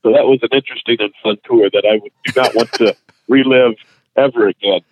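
A man's voice: mid-range voice, steady tone, brisk. A man, a comedian and voice actor, telling stories in casual chat and laughing through his anecdotes. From Houston, Texas. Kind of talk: casual storytelling. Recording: tinny phone line, dry.

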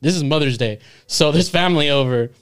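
Young man, podcast co-host, clear smooth voice, slightly high, profane and animated. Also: brisk. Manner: profane, animated, laughs often. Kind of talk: casual chat, storytelling.

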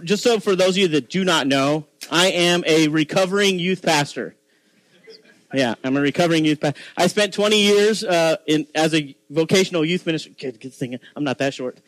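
A Texan man in his forties preaches in a loose, chatty way, often restarting his sentences and poking fun at himself. His voice sits a little high for a man. The sound is close and dry, with almost no room echo. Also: fairly bright tone. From Texas. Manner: chatty, self-deprecating, many restarts. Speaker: guest preacher. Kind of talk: informal sermon.

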